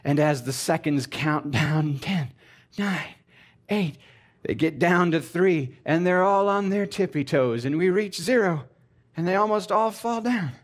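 Animated, sarcastic man with a high voice. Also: measured pace. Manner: animated and sarcastic, swinging from loud exclamations to mumbled asides. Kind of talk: comedic sermon talk to a live audience.

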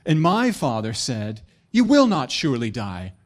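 A preacher playing a sinister robed male warlock who speaks low, slow and drawn out. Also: wildly swooping pitch. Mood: slow, menacing.

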